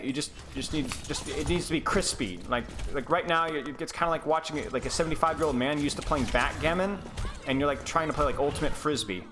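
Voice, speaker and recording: A man's voice: fairly high pitch, background noise. A young man coaching as he reviews a game, sarcastic and mocking, breaking into laughter. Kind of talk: live gameplay review coaching.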